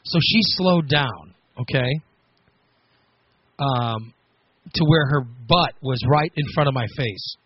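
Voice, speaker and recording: A man hosting a radio show, telling a story on air in a casual, animated, self-mocking way with frequent laughs. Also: on the high side, unhurried, husky, no echo, lo-fi sound. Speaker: radio host.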